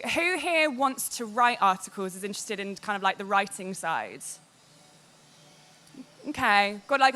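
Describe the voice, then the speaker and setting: A woman giving a candid, animated public talk to an audience about working in games media. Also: fairly high pitch. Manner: animated and candid, quotes others in lively voices.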